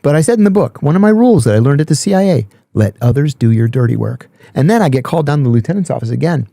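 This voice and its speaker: A middle-aged man tells a story as a podcast guest, blunt and sometimes swearing. His voice swings widely in pitch and has a mellow, dark tone. The sound is dry and close. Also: sing-song, very fast, creaky, no echo. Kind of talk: storytelling in casual chat.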